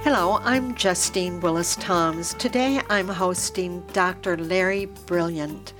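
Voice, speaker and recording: Slow-spoken woman radio host. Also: lowish voice, loud music behind the voice. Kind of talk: radio interview.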